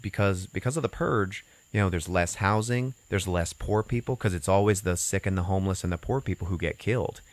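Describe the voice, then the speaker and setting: Low-voiced guy hosting a podcast, rambly storyteller, dry close sound. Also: fairly quick, few pauses, no room sound. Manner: rambling storyteller acting out quotes. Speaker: podcast host. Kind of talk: casual chat.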